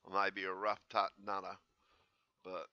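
A vlogger without his teeth in rambles through casual vlog commentary, slightly slurred, agitated and excitable. His voice is low-pitched and smooth at a normal speed, on a dull lo-fi recording.

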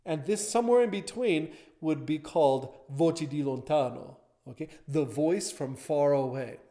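A man's voice: fairly high pitch, measured pace, warm tone. A man teaching a vocal lesson, explaining step by step as he points to a diagram.

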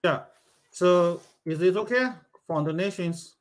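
A man making brief, soft-spoken remarks during a casual coding chat. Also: high voice, slow pace. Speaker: co-host developer.

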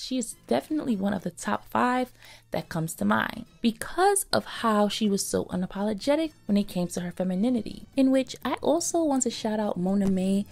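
Woman getting over a cold, gravelly voice. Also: fairly high pitch. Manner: bubbly, lively greetings to viewers. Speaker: fashion YouTuber. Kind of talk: casual scripted vlog narration.

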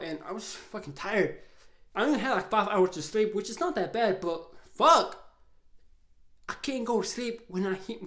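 A young adult vlogger casually telling a story, swearing a lot, rambling and restarting, sounding exasperated. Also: medium pitch. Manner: profane, rambling, exasperated retelling with frequent restarts. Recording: roomy echo, faint background ambience.

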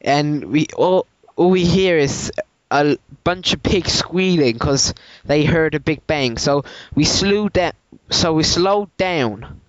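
A man's voice: a little high, expressive, no echo. A man playing a hillbilly truck owner in a prank phone call, with a put-on Southern accent, rambling and restarting his sentences. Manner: rambling, halting, many restarts. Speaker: prank caller. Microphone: phone line. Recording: dull lo-fi prank call recording.

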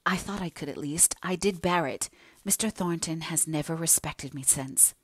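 A woman's voice: sits low, moderate pace, husky, no room sound. A woman voicing a remorseful young heroine. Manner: emotional, pleading confession. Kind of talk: audiobook character reading.

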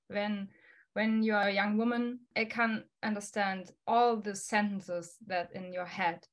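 A woman's voice: medium pitch, fairly even intonation, a little slow. A woman answering as a podcast guest in emphatic non-native English, laughing often and swearing bluntly. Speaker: guest musician.

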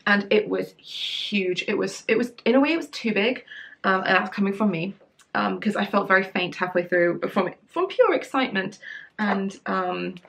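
A woman's voice: mid-range voice, animated, normal speed, creaky, a bit bright. A young woman hosting a sewing channel, chatting casually and gushing with enthusiasm, with lots of fillers and restarts. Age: young adult. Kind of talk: casual chat.

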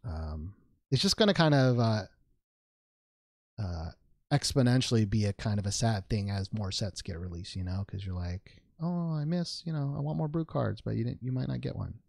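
Lively, gravelly-voiced man unboxing cards. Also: on the low side, moderate pace, no room sound, clean studio sound. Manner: rambling, joking, with playful made-up words. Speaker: trading card unboxing channel host. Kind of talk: casual unboxing commentary.

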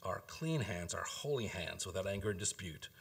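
A man preaching a sermon as pastor, earnest and emphatic, asking rhetorical questions and dropping to a soft, low voice for key points. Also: lively intonation, normal speed, vocal fry.

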